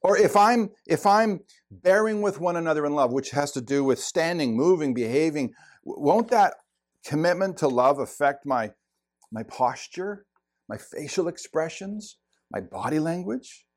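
A man's voice: fairly high pitch, lively intonation, moderate pace. A middle-aged man preaching a sermon, earnest and emphatic, repeating words for stress. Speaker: pastor.

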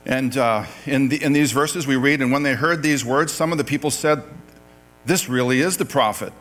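Conversational Canadian pastor preaching. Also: male voice, mid-range voice, normal speed, fairly bright tone. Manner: conversational, quoting scripture, self-correcting. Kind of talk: sermon.

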